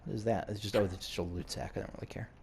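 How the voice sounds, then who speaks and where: A man playing a video game and casually thinking out loud, now and then reading in-game notes aloud. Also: fairly low pitch, steady tone, racing, gravelly, a little hiss or hum. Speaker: game streamer. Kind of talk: casual let's-play commentary.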